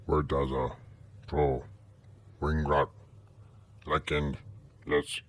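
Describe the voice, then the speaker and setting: A man voicing an alien's recorded message, chanting slow nonsense words. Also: extremely low pitch, level tone, pitched below the performer's own voice, exaggerated voice. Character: alien voice singing a looping message.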